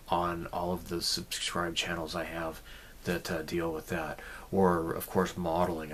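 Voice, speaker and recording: A man with a very low voice talks through a loose, rambling channel update, drifting off topic and filling gaps with ums and restarts. He speaks bluntly, with the odd crude aside, over a faint hiss of background noise. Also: a bit bright. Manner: rambling, sidetracked, frequent fillers and restarts. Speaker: hobby channel host.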